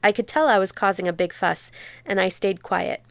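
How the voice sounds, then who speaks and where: Female teacher reading a memoir aloud. Smooth, clear voice, dry close sound, measured and expressive delivery. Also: mid-range voice, dry recording.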